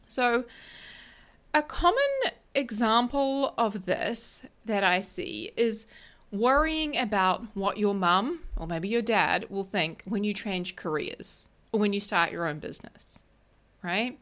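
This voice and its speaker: A woman life coach talks straight to her listeners in a loose, chatty solo podcast. She keeps checking in with "right?" and drifts into tangents. Her voice sits at an ordinary middle pitch. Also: expressive, takes it slowly, a bit bright. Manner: chatty, keeps asking "right?", laughs at herself. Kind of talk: casual solo podcast talk.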